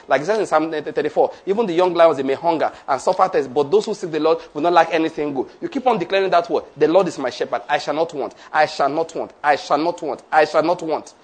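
Male preacher, slightly high voice, call-and-response sermon. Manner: leads the congregation in call-and-response declarations.

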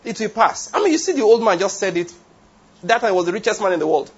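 Man, sermon, husky voice, emphatic, dull lo-fi recording. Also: high-pitched, lively intonation, fast talker. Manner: emphatic, rhetorical questions, wanders into tangents. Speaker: preacher. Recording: dull lo-fi sound.

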